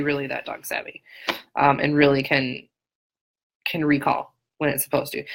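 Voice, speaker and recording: Frank, chatty woman, low and bright. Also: rough recording. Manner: frank, chatty, many fillers and restarts. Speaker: dog trainer. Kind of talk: live Q&A chat. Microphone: phone or webcam on a live stream.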